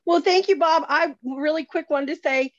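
A woman's voice: high voice, normal speed, no echo, muffled recording. Gushing Southern woman on a call. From North Carolina. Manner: gushing and heartfelt. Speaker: caller. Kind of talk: call-in thanks.

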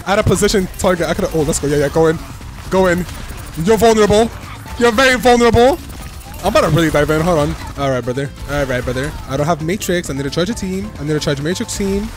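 A young man giving excitable, trash-talking commentary while playing a shooter game, repeating himself as he plays. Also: sits high. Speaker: gaming streamer. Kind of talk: live gameplay commentary.

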